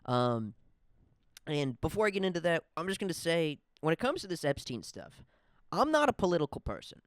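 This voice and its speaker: A man's voice: a little high, very animated, a little fast, no echo. Male podcast host, casual monologue, rambling and profane, dry close sound. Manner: rambling and profane, lots of fillers.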